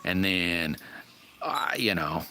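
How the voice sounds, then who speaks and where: A low-voiced man takes things slowly as he hosts a livestream. He greets viewers by name and chats in a casual, folksy, rambling way, while loud background noise runs underneath.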